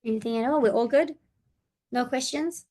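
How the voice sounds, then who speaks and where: A woman's voice: on the high side, moderate pace, warm tone. A woman therapist leading a parent seminar, talking it through with many ums and you-knows. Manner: friendly, thinking aloud with many fillers. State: voice breaking slightly. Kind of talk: online seminar presentation.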